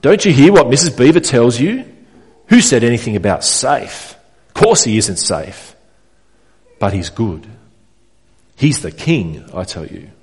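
A man's voice: medium pitch, very animated, unhurried, pauses often, darkish tone, breathy edge, heavily acted. A man reading aloud the lines of a blunt, insistent male beaver from a storybook, in a plain voice with no accent. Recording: reverberant church hall.

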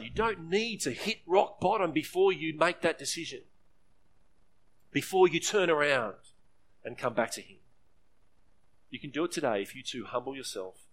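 A man preaching a sermon, earnest, briefly acting out the voices in the story. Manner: earnest preaching, acts out quoted voices with rising pitch. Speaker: pastor.

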